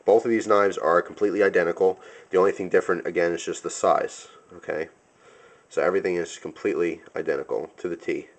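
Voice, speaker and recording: Young male reviewer with a very low voice, loose and rambling, full of ums and restarts. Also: steady tone, fast talker. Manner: rambling, many fillers and self-corrections. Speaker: knife reviewer. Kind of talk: casual product review.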